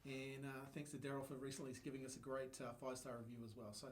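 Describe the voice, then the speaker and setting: A man hosting a business podcast, enthusiastic and quick to agree, often trailing off mid-sentence. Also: medium pitch, little pitch movement. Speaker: podcast host. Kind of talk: casual podcast conversation.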